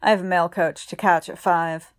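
A woman's voice: lowish voice, steady tone, moderate pace, no echo, lightly acted. Woman voicing a dry teasing man, laid-back, storybook reading. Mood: wry. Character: wry, teasing Yorkshire man, relaxed.

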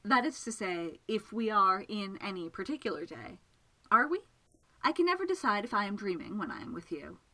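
Casting note: woman reading a shy, formal gentleman magician, hesitant and earnest, with a lively pitch. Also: moderate pace, heavily acted, poor audio. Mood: uncertain. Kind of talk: audiobook character reading.

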